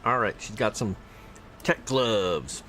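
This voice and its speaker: A livestreaming man with a fairly low, animated voice and fairly bright tone takes it slowly as he plays a video game, with slight background noise. In casual gameplay commentary, he chats with viewers, reads out loot and skill text, and teases his chat.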